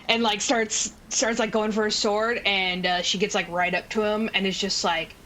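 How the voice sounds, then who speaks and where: A woman's voice: medium pitch, steady tone, a little slow, few pauses, bright, forceful tone, slight background noise, rough recording. A woman game master narrating a tabletop game in a casual, filler-heavy way, swearing freely.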